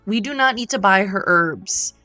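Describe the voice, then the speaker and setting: A woman's voice: mid-range voice, animated, moderate pace, bright, forceful tone, faint music behind. A woman streaming a cozy game, chatting playfully with joking asides and casual swearing. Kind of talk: casual gameplay chat.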